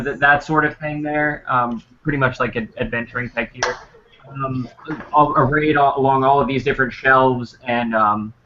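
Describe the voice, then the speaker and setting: A man's voice: medium pitch, sharp tone. A man narrating a tabletop game as dungeon master, rambling with many fillers. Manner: rambling, full of ums and you-knows. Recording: dull lo-fi sound.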